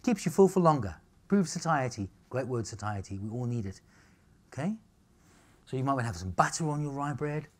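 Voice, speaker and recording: A man's voice: mid-range voice, expressive, fairly quick, a little mellow. Brash man lecturing an audience. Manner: brash, punchy, jokey, asks "all right?" and "okay?" often. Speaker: nutritionist giving a talk. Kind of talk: live seminar talk to an audience. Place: room with a live audience.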